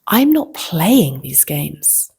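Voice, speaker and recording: A woman vlogger telling a personal story in a reflective, casual way, slipping into soft whispers. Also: sits low, very animated, very slow, creaky, slightly rough.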